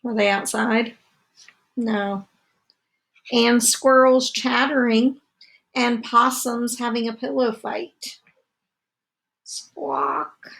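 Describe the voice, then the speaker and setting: A woman teacher reading a picture book aloud to children, slow and expressive, with asides to her listeners. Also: a little high, creaky.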